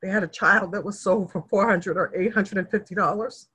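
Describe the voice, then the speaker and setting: She's a middle-aged guest with a mid-range, slightly rough voice and a fairly quick pace, chatting casually about her family history. The storytelling is sincere and emotional, turning animated as she performs the voices of those she quotes.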